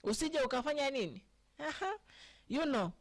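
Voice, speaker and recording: A woman's voice: high voice, expressive, moderate pace. A woman with a Kenyan accent hosting a casual live stream, chatting with viewers by name and often asking "eh?". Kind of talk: casual live chat mixing English and Swahili.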